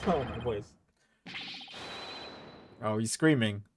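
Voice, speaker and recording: A man's voice: mid-range voice, animated, extremely slow, background noise. A man casually commenting and reading aloud while streaming a game, with wry joking asides. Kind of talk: casual let's-play commentary.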